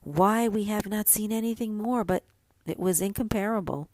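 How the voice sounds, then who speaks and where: A woman voicing a chattering flock of boastful sparrows who talk in a chirpy, quick way in a storybook reading. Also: mid-range voice, darkish tone, no echo, natural voice. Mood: excited.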